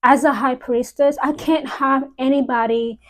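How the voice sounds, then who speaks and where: A woman speaking as a high priestess on a live stream, solemn and deliberate, repeating key phrases for emphasis. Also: steady tone, fairly bright tone, low-quality recording. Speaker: witch giving a live-stream talk.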